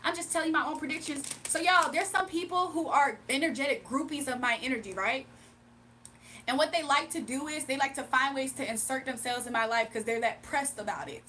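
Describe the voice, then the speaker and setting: A woman's voice: sits high, fairly quick, sharp tone, slight background noise. A woman hosting a casual livestream, sassy and exasperated as she answers chat comments. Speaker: livestream host reading chat.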